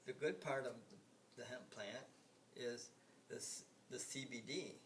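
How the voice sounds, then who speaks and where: Older American man, mid-pitch, rambling and emphatic vlog monologue, recorded off-mic with hiss. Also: unhurried, a bit bright. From United States. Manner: emphatic, repetitive, swears, frequent restarts and fillers. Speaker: vlogger. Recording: hissy, from some distance off the mic.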